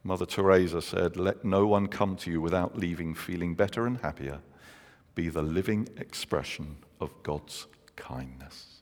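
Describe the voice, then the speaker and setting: Deep-voiced preacher in his sixties. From England. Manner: earnest storytelling, slows down for emphasis. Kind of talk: sermon. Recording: long reverb of a large hall.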